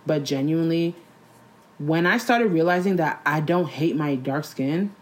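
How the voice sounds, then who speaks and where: A young woman in casual chat, blunt and animated, talking in slang with many "like"s. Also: low voice, unhurried, long pauses.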